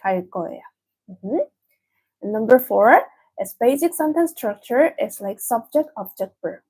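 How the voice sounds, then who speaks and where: A young woman with a Korean accent walks through a beginner lesson in English, patient and methodical. Her voice sits a touch high and has a slight husk to it. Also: a little mellow, slightly rough, rough recording. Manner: patient, explains step by step with many "mm-hmm"s. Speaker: language teacher. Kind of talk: online lesson.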